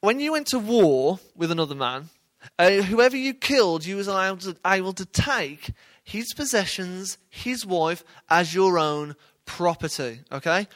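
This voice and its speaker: A man's voice: high voice, expressive, moderate pace, a bit bright. A man giving informal Bible teaching in a conversational way, often checking in with his listeners. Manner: conversational, questioning the audience.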